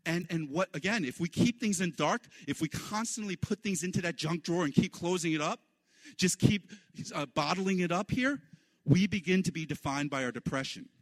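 A man preaching a sermon in an animated way, his voice leaping up high for the lines he quotes. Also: no room sound. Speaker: pastor.

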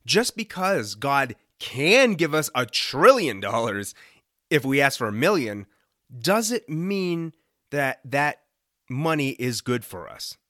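A man's voice: a little high, a bit bright, no echo, studio quality. A young adult man hosting a casual devotional talk, earnest and lightly joking, often checking in with his listeners. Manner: conversational, often asks "right?". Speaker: podcast host.

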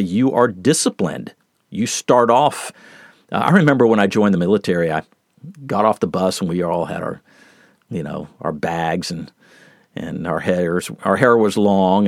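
A middle-aged man preaching a plain-spoken, earnest sermon, teaching with lively shifts in pace and loudness. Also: on the low side, no echo, clean studio sound.

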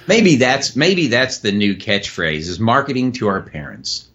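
A man's voice: medium pitch, very animated, unhurried, a bit bright, muffled recording. A man joining a podcast as a guest, bantering and joking in a loose, playful way. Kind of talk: casual interview chat.

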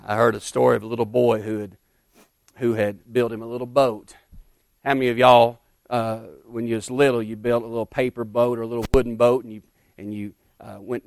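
Pastor preaching, big then hushed, lots of amens, dry close sound. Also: male voice, medium pitch, no echo. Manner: repetitive, emphatic, punctuated with "Amen", swings from loud to hushed. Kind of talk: sermon.

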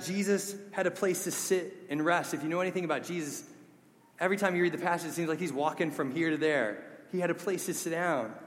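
Man preaching in a reverberant church. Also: fairly high pitch. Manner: earnest, conversational preaching with storytelling. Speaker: pastor. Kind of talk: sermon.

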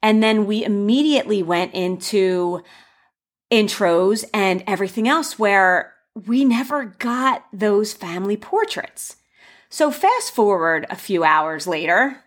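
A young woman casually telling the story of her wedding and giving advice, animated, acting out the quoted voices with gasps. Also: lowish voice. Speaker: bride sharing wedding advice.

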